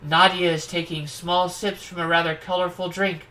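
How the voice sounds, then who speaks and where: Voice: medium pitch, level tone, moderate pace, bright, forceful tone, poor audio. A streamer reading the narration of a horror dating game aloud, with irreverent, wry comments between passages.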